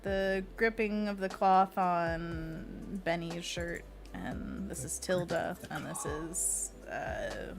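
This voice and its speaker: A woman's voice: lowish voice, lively intonation, takes it slowly, creaky, over music. Chatty woman streamer reading chat aloud. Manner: chatty and playful, laughs often. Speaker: livestream host and freelance illustrator.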